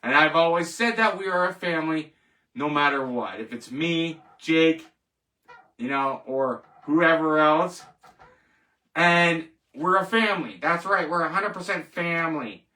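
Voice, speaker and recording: A male host delivering a defiant, boastful sign-off, repeating his slogans over and over. His voice is high-pitched for a man and sharp-edged. He sounds a little away from the microphone. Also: measured pace, recorded from a distance. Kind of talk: hyped show sign-off monologue.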